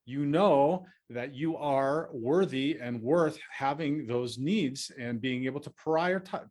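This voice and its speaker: A man hosting an advice podcast, speaking earnestly and reassuringly, with many fillers and restarts. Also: fairly high pitch. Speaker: podcast host.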